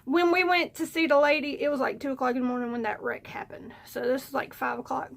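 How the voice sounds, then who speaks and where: A woman tells a story casually on her vlog, rambling and animated, with plenty of fillers. Her voice sits high, with a rough, gravelly fry. She sounds loose and chatty throughout. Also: fast talker. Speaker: vlogger.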